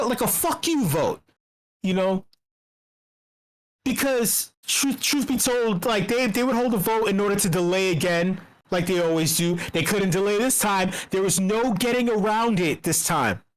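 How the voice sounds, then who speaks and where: A woman talking in a casual livestream, telling a story in a profane, excitable way, her pitch jumping when she gets worked up.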